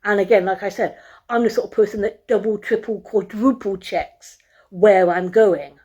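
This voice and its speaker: In a casual hotel-room vlog shot on her phone, an exasperated woman swears a lot while ranting to camera, then shows off the room. Her voice is mid-range, steady and dark, slightly rough, at normal speed.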